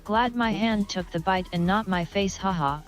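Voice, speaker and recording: A synthetic woman's voice reading out viewer chat messages in a flat, mechanical way. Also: mid-range voice, normal speed, soft background music. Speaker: text-to-speech chat reader.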